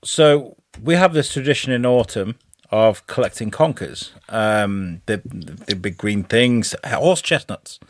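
A man's voice: on the low side, expressive, unhurried, no echo, studio quality. A man with a British accent, co-hosting a podcast in casual, swearing banter, laughing often. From England. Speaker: podcast co-host.

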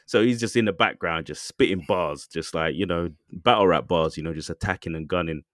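A man's voice: sits low, brisk, a bit bright, no room sound, clean studio sound. A man co-hosting a podcast, telling a story loosely with lots of fillers and asides. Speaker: podcast co-host. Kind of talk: casual chat.

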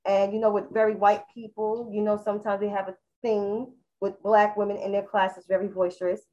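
A woman's voice: medium pitch, flat delivery, a little fast, warm tone, lo-fi sound. Female co-host, mid voice, emphatic, churchy casual talk. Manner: emphatic, churchy turns of phrase. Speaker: podcast co-host. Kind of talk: casual chat.

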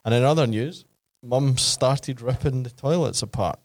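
A man's voice: mid-range voice, moderate pace. A man co-hosting a podcast in casual chat, easygoing and rambling with many fillers. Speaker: podcast co-host.

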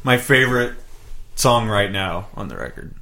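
A man's voice: on the low side, sing-song, normal speed, sharp tone. A laid-back American man hosting a casual podcast chat about music, rambling a little and swearing freely.

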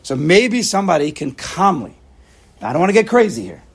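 A man teaching a Torah class to a small group, his voice a little high with a gravelly, husky texture. He poses rhetorical questions and drops Hebrew and Yiddish words into his English. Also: a little fast. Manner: animated, rhetorical, sprinkles Hebrew and Yiddish terms.

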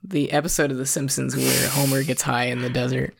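A man's voice: mid-range voice, flat delivery, a little fast, vocal fry, breathy edge, dry recording. A young adult man co-hosting a podcast, chatting casually about a movie in a rambling way full of fillers. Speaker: podcast co-host. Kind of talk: casual film chat.

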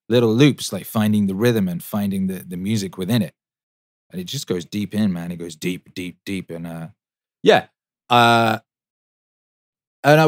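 A man in his thirties talks through a casual livestream Q&A in a lowish voice, rambling and swearing freely with plenty of fillers. He sounds enthusiastic, and the sound is dry and close, with no room echo. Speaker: musician and show host answering chat.

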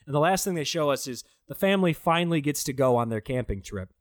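A man's voice: fairly high pitch, lively intonation, fast talker, no echo, studio quality. A man in casual podcast chat, reviewing a bad movie with profane, sarcastic jokes. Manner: profane, sarcastic, mocking impressions.

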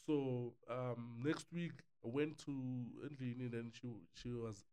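A young South African man, a podcast guest, telling a relaxed story and mixing English with Zulu. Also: medium pitch, measured pace, clear, resonant tone. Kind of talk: casual podcast chat.

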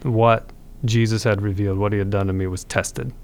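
A man's voice: on the low side, fairly even intonation, brisk, darkish tone, slight background noise. A man, a podcast guest, telling his conversion story in an earnest, reflective way with frequent restarts.

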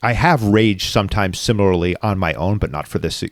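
A man's voice: low-pitched, fairly quick, no echo. A man telling a personal story in conversation, raw and reflective, swearing freely as he talks. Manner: raw, reflective, frequently profane.

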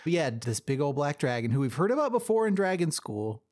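A man's voice: fairly high pitch, big pitch swings, brisk, a little mellow, no echo, clean studio sound. A man chatting casually as a podcast guest, joking with fillers while recapping a book.

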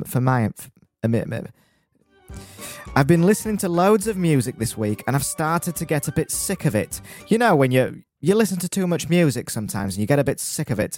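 A man's voice: mid-range voice, a little mellow. Man stammering through a mock advert. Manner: playful, teasing, stammering. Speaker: podcast co-host.

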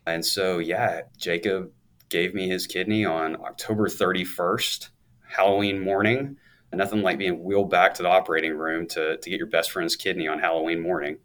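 A man's voice: low voice, fairly even intonation, moderate pace, a bit bright. A man in his thirties, a guest on an interview show, telling his story in an upbeat, chatty way with a laugh now and then. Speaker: guest, law firm owner.

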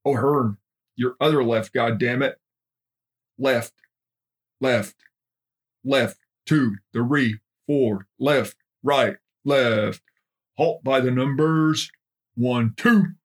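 A man voicing a harsh, profane Marine drill instructor who barks commands at recruits, with a gravelly, husky voice. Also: mid-range voice, steady tone, normal speed. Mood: barking.

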